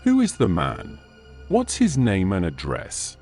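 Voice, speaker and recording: A man's voice: medium pitch, huge pitch swings, unhurried, darkish tone, faint music behind, pitched above the performer's own voice. A man voicing a suspicious young constable who asks his questions with authority. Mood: stern.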